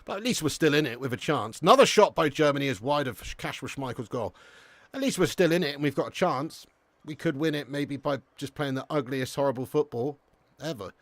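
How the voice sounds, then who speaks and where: An English man with a fairly high voice hosts a live football watch-along. He switches between calling the match and answering chat messages in a lively, chatty way, often calling people lad and mate. The recording is close and dry. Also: a little fast, no echo.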